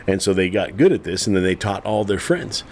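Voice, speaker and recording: A man co-hosting a casual podcast, telling a side story in a relaxed way with plenty of pauses and fillers. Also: low voice, slight background noise. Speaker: podcast co-host. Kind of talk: casual chat.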